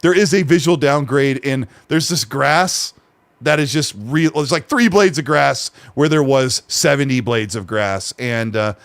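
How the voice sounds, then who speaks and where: A man's voice: mid-range voice, unhurried, creaky, no echo. A man hosting a gaming podcast, chatting casually and rambling with frequent self-corrections. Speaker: podcast host.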